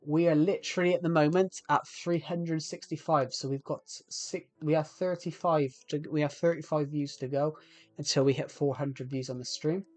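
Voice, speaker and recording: A man casually narrates his game for viewers in a slightly higher voice. He rambles and trips over his sentences. The sound is close and dry. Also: fairly even intonation, normal speed, dry recording, soft background music. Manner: rambling, frequent restarts, chatty with viewers. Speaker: streamer. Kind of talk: casual live game commentary.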